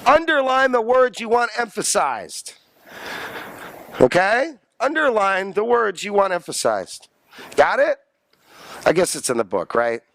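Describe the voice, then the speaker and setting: A man's voice: sits high, unhurried, vocal fry, pauses often, dry recording. A man lecturing a college class, joking and quizzing his students. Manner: animated, jokey, asks the class questions.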